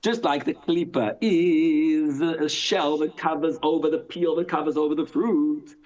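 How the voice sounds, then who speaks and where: A man, a rabbi, teaching a live Torah class in an animated way, asking and answering his own questions and reading Hebrew text aloud. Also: a little high, measured pace. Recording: dull lo-fi sound.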